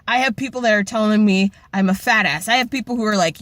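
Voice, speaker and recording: A young woman vlogs from home, speaking fast and with hardly any pauses in a slightly high, fairly bright voice. She addresses her camera directly in an impassioned, emotional personal rant, blunt and full of heavy swearing. The audio is dry and close, without any room echo.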